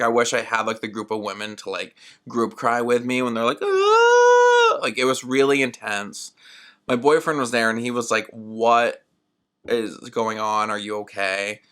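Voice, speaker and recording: A young man hosting a solo podcast, telling a personal story in a rambling, animated way, full of "like" and acted-out quotes of himself. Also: mid-range voice. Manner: rambling and animated, heavy use of "like"; acts out his own past words in quoted asides. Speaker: podcast host.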